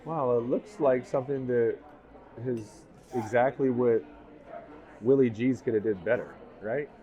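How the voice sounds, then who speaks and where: A man's voice: medium pitch, unhurried, mellow. A man vlogging a food review in a restaurant, enthusiastic and raving about each bite. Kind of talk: casual food review to camera. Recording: busy restaurant crowd behind. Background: restaurant crowd chatter.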